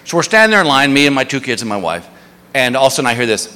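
A middle-aged man doing a stand-up routine, telling a family story with animated voices. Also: rapid-fire. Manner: animated storytelling, putting on a shrill wife voice. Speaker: stand-up comedian. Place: comedy stage before a live audience. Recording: stage mic in a large reverberant hall.

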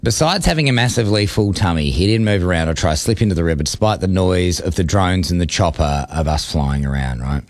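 A man hosting radio, telling a story in a playful, animated way that builds suspense. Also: low-pitched, quick pace, few pauses. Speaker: radio host. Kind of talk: casual banter, storytelling.

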